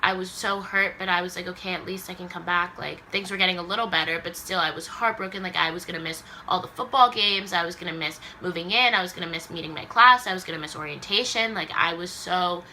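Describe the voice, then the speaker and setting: Young woman vlogger, bright storytelling voice. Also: lowish voice, fast talker, hardly any pauses, slight background noise. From Los Angeles area, US. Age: young adult. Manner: emotional retelling, acts out quoted voices, says "like" a lot. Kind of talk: casual storytime.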